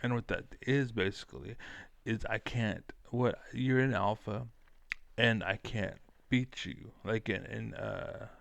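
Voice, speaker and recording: Gravelly, rambling man. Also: fairly low pitch, slow pace, a bit bright, no echo. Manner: profane, rambling, full of fillers. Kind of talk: casual rant to camera.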